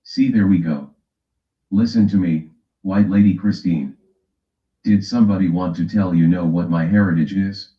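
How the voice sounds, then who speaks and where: A man's voice: sits low, normal speed. A man from the West Coast of the US hosting a casual livestream, teasing his chat and reading a timer aloud. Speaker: livestream host. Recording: echoey room, dull lo-fi sound.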